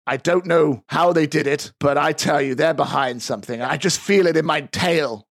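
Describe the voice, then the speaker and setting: A man's voice: fairly high pitch, normal speed, no echo, studio quality, natural voice. A man voicing a secretive, dramatic male mousefolk informant in a tabletop game, talking in a theatrical, conspiratorial way.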